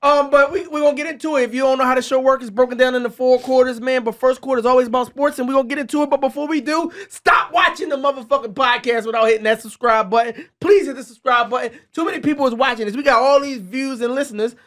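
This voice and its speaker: A man's voice: extremely high pitch, steady tone, racing, hardly any pauses, fairly bright tone. A man hosting a podcast in loose, profane, laughing banter, steering the talk from topic to topic. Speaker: podcast host. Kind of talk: casual banter.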